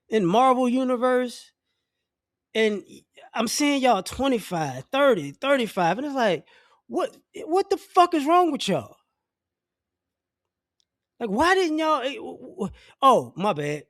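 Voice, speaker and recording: A middle-aged vlogger with a strikingly high voice rants to camera with blunt, profane opinions. He rambles and keeps restarting sentences. The sound is dry and close, with no room ambience.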